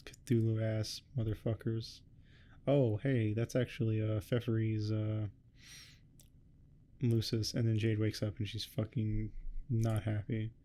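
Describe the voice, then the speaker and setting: A man giving a rambling, heavily swearing casual recap of a webcomic, tossing off quick quotes of the characters. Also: lowish voice, completely flat delivery, mellow. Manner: swears a lot, rambling and offhand. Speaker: host. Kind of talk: casual comic recap commentary.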